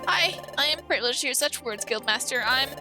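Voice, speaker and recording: A woman's voice: high-pitched, expressive, a little fast, music in the background. A woman voicing a proud, formal male bird Pokemon assistant in a game playthrough read aloud. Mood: earnest. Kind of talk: live-streamed game playthrough, reading dialogue aloud.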